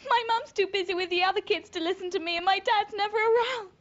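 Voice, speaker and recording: A woman's voice: sits high, lively intonation, fairly quick. An actress playing a sixteen-year-old runaway schoolgirl who craves attention, in a 1980s TV comedy-drama. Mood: tearful. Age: teens. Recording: dull lo-fi TV audio, faint hiss.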